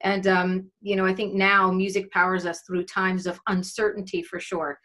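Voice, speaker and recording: A woman's voice: medium pitch, little pitch movement, moderate pace, a bit bright. A woman radio host gushing affectionately in a casual interview over a video call.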